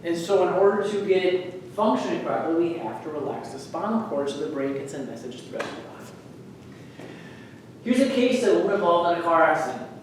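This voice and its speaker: A man, a chiropractor, giving an energetic presentation to an audience and quizzing them with questions. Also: fairly high pitch, fairly quick, a little hiss or hum. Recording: echoey room, voice from far off.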